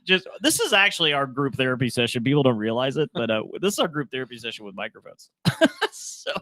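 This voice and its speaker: A man's voice: mid-range voice, big pitch swings, quick pace, bright, forceful tone, no echo, clean studio sound. A man hosting a podcast in casual chat, joking, laughing often and trailing off mid-thought. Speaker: podcast host.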